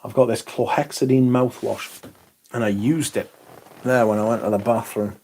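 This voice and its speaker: A man's voice: mid-range voice, fairly even intonation, normal speed, mellow, a little hiss or hum. A man hosting a livestream, chatting casually, swearing now and then, and reading out viewer comments. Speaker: livestream host.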